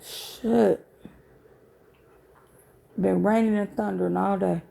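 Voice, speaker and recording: A woman's voice: mid-range voice, steady tone, slow pace, gravelly, warm tone. A woman hosting a casual live stream from home at night, sleepy and yawning, greeting viewers in a laid-back, profane way. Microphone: phone.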